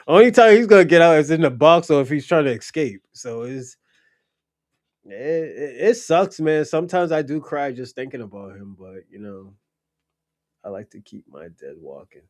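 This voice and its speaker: A man's voice: fairly high pitch, animated, moderate pace, no room sound, clean studio sound. A young adult man hosting a livestream, chatting casually in a blunt, profane, rambling storytelling way. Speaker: livestream host.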